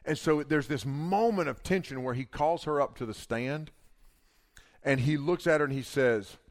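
A man telling a long story in a casual, animated way, acting out the quotes. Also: fairly high pitch, normal speed.

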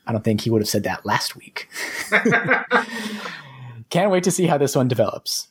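A young man from New Hampshire hosts a relaxed podcast chat. His voice sits at a middling pitch with a slightly husky edge. He laughs easily and keeps things loose. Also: unhurried, long pauses. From New Hampshire, USA. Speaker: podcast host. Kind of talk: casual chat.

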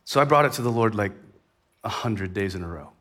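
A man preaching a sermon in a conversational way, rising in intensity and then dropping to a hushed tone. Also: lowish voice, animated, fairly quick. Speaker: pastor.

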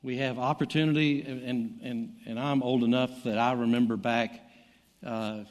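Man, Southern American accent, middle-aged, preacher, sermon, animated scripture reading, long hall echo. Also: mid-range voice, moderate pace. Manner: animated Bible reading, voice rising for quoted lines.

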